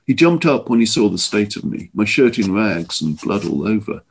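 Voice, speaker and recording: Husky, lively male author reading his fiction. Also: on the low side. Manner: expressive, measured storytelling. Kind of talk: literary short story reading.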